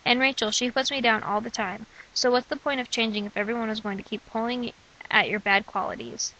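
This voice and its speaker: A young woman reading her own letters, prayers and poems aloud in an earnest, measured way. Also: fairly high pitch, fairly even intonation, bright, forceful tone, highs cut off, slight background noise. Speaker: person sharing her own testimony.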